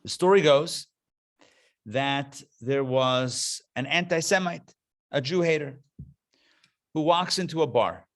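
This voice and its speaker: Man, rabbi lecturing a class, video call mic, animated storytelling, higher voice. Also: slow pace, pauses often. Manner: animated storyteller, swings into high excited voices for characters. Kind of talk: live lecture with told jokes. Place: classroom streamed to an online call.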